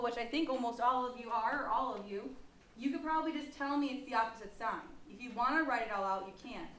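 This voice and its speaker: A woman walks a class through a math lesson, pitched a little higher than most. She talks casually and patiently, encouraging the students as she goes. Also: a little hiss or hum. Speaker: math teacher.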